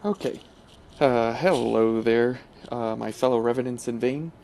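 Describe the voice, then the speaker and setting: A man hosts his gaming channel, chatting through gameplay in a loose, hesitant way full of pauses and restarts. His voice is mellow and relaxed at a middling pitch. A faint hiss sits under the recording. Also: gravelly. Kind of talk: casual gameplay commentary.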